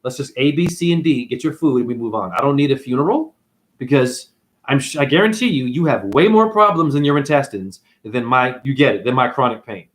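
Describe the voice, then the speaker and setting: This livestream host talks briskly with lively intonation, giving a relaxed spiritual monologue packed with slang. He pitches up into a mocking voice each time he quotes someone.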